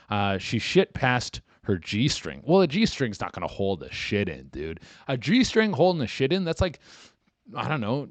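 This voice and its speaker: Animated man riffing crudely on a podcast. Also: fairly low pitch, dry recording. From Canada. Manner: crude animated riffing, acts out both sides of scenes. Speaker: podcast host. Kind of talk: comedic podcast reading write-ins.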